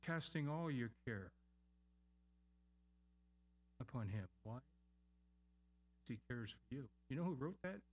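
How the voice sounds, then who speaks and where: Man preaching a lively sermon. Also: mid-range voice, unhurried, pauses often. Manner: emphatic repetition, lively asides. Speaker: pastor.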